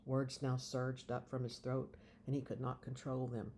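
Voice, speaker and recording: Man giving a measured audiobook reading. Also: mid-range voice, monotone, darkish tone, slight background noise. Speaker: reader of a novel.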